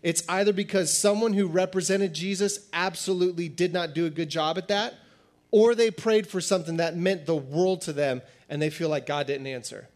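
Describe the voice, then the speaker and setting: A pastor giving a sermon in a conversational, animated style, acting out little dialogues as he teaches. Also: sits high, moderate pace.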